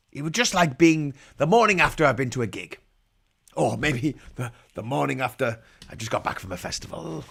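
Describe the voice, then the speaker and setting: Gravelly man hamming up pirate talk. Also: medium pitch, big pitch swings, normal speed, fairly bright tone. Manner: jokey pirate-talk persona, growling "yar" and "aye"; rambling, irreverent asides. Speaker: livestream host. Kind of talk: live-stream commentary.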